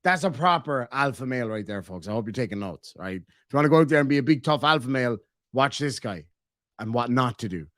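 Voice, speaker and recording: A man's voice: medium pitch, animated, fast, a bit bright, dry recording, clean studio sound. Sarcastic swearing male commentator. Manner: sarcastic, mocking, swears often. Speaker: commentary host reacting to videos. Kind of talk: profane reaction commentary.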